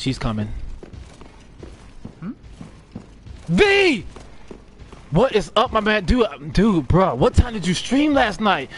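A man's voice: sits high, slight background noise. A man doing live gameplay commentary, trash-talking and cursing at enemies while he plays. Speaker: gaming streamer.

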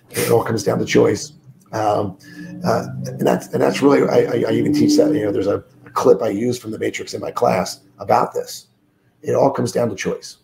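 A middle-aged man with a heavily gravelly, dark voice talks as a sales trainer on a podcast. He sounds groggy and under the weather, leaning hard on his points and repeating words, with plenty of fillers. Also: mid-range voice, slight background noise. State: groggy, sick voice. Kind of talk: podcast interview, coaching talk. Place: room alone, remote call.

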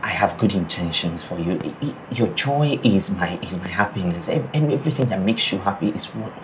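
A man's voice: low-pitched, expressive, a little fast. A young man with a Nigerian accent, playing an earnest groom-to-be who stammers and repeats his words. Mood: pleading. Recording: noisy background hum.

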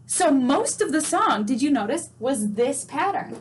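A woman's voice: on the high side, lively intonation, fairly quick, gravelly, a little hiss or hum. A woman teaching a children's music lesson, patient and encouraging, asking questions and singing and chanting examples. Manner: sings note names and chants.

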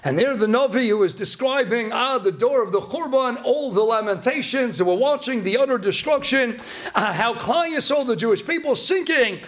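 Emphatic high-voiced rabbi preaching. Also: male voice, animated, normal speed. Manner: emphatic, repetitive, bursts of loud emphasis. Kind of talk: Torah talk sermon.

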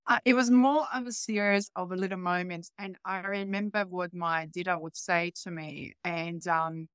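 A woman's voice: fairly low pitch, steady tone, normal speed, a bit bright, smooth, no echo, studio quality. Earnest woman with a Croatian accent. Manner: earnest and reflective, non-native grammar. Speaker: podcast guest, healer coach. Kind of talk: interview answers.

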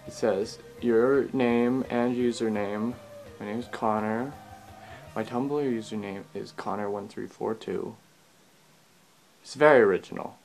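A man with a Canadian accent talks to his camera in an easy, chatty vlog, stopping to make little asides as he reads out a list of words. He speaks at an unhurried, slow pace, and faint music plays behind him. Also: on the low side, fairly even intonation, vocal fry, a little mellow. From Alberta, Canada. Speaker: vlogger. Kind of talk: casual chat to camera.

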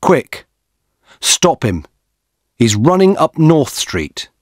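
A man's voice: on the high side, very animated, slow pace, dry recording, studio quality, voice pushed up, full character voice. A man voicing a curt male police officer in a read-aloud story.

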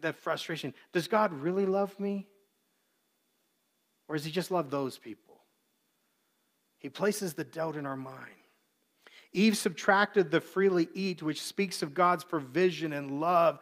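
A man's voice: on the high side, fairly bright tone. A man preaching a sermon as pastor, earnest, briefly acting out the voices he quotes.

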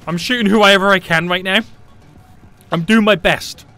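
A man giving live gameplay commentary, panicky and excitable, often repeating short phrases. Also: high voice, moderate pace, soft background music. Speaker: gaming YouTuber.

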